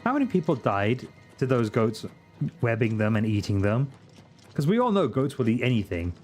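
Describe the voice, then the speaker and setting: A man's voice: mid-range voice, big pitch swings, normal speed, a little mellow, faint music behind. Ranting man streaming games. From Britain. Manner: crude, ranting comic asides. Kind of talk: casual live-stream chat.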